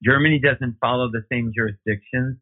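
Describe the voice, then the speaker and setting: A man, a guest who is an opera singer, telling his own story in an excited way and acting out the dialogue. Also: a little fast. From United States. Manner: excitable, acts out quoted dialogue with big pitch jumps. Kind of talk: animated personal storytelling. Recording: narrow phone-like line.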